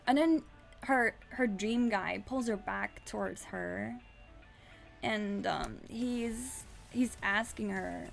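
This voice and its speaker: A woman's voice: medium pitch, slow pace, creaky, faint music behind. A woman streamer casually recapping a story, rambling with restarts and swearing.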